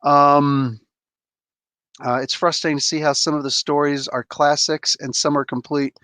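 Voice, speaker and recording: A man's voice: fairly high pitch, level tone, normal speed, bright, forceful tone, no room sound. A man hosting a live comic book review, ranting in an exasperated, blunt way, swearing casually and calling out viewers in chat. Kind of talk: heated live review rant.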